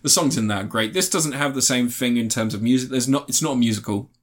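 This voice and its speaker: A man's voice: mid-range voice, quick pace. A man in casual podcast chat, reviewing a film with lots of laughter and swearing. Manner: animated, laughs often, swears freely. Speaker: podcast co-host reviewing films.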